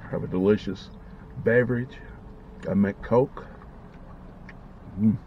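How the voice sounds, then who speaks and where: A food vlogger talks casually while eating, savoring every bite and speaking with his mouth full. His voice is lowish and steady, and he goes slowly. The lo-fi recording sounds dull, with slight background noise.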